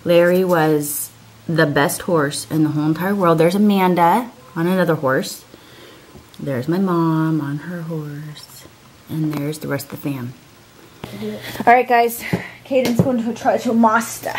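A woman's voice: fairly low pitch, moderate pace, darkish tone, slight background noise. A woman in her thirties chatting casually to camera as a family vlogger, rambling and calling viewers "guys". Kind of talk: casual vlog chat to camera.

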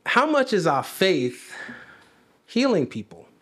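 Lively conversational preacher man. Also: high-pitched, takes it slowly, slightly rough. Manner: conversational, asks the congregation questions; repeats phrases for emphasis. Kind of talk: sermon. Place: church.

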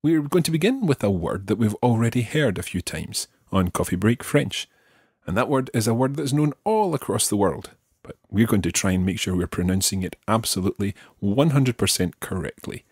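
A man's voice: lowish voice, expressive, a little mellow, husky, no echo, clean studio sound. Patient Scottish man teaching pronunciation. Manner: patient, slow, careful modelling of pronunciation. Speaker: French teacher. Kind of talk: podcast language lesson.

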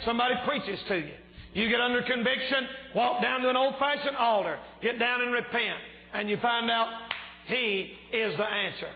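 A pastor shouts his points through a fervent revival sermon, his voice pitched high for a man and slightly strained. The audio is tinny and phone-like, trailing a long church-hall echo.

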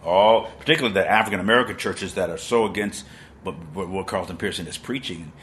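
A man's voice: low-pitched, quick pace, fairly bright tone, a little hiss or hum. A man in his sixties preaching a sermon on a live stream, emphatic and dramatic, with plays on words. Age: 60s.

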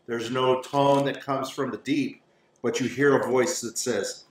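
A man narrating a tabletop game as game master in a casual, halting way with many fillers. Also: medium pitch, steady tone. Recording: roomy, distant mic, faint noise.

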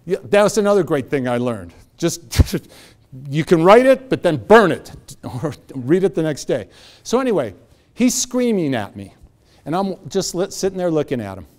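Speaking at a moderate pace with a slightly high voice, a middle-aged motivational speaker addresses an event hall. His stories come alive as he acts out the voices of their characters.

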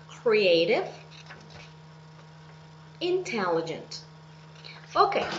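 A woman teacher giving a recorded English lesson for children, speaking slowly and clearly and repeating each word for her pupils. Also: sits high, fairly bright tone. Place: at home. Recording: echoey room.

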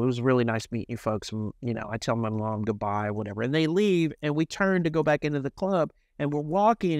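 A middle-aged man from Memphis, telling lively, self-mocking and profane stories as a guest musician in an interview. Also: a little high, no room sound, studio quality. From Memphis, Tennessee, US. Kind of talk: candid storytelling in an interview.

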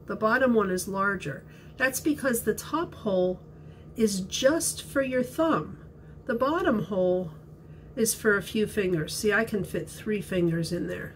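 A woman teacher reading a children's story and explaining a craft, gentle and clear, step by step. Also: fairly high pitch, slight background noise.

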